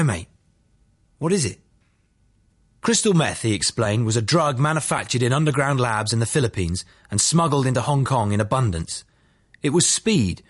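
A man narrating his memoir as an audiobook, telling it in a matter-of-fact, dry way. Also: mid-range voice.

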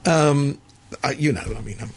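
Sardonic male pundit, gravelly and husky, emphatic with frequent restarts. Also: medium pitch, normal speed. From Hong Kong resident. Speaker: political commentator. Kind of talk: opinionated discussion.

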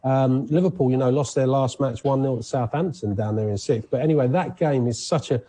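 A man's voice: medium pitch, brisk, husky. A man presenting sports news in a chatty, conversational way on radio. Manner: chatty, conversational, animated asides.

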